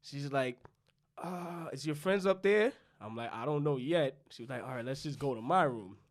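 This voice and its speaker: A young man from New York tells a long, loose story on a podcast, swearing freely and voicing both himself and the people in it. His pitch sits in the ordinary middle for a man. The talk is relaxed and rambling, among friends. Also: moderate pace. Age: young adult. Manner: loose, profane storytelling, acting out both sides of dialogue. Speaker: podcast co-host. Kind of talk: casual storytelling chat.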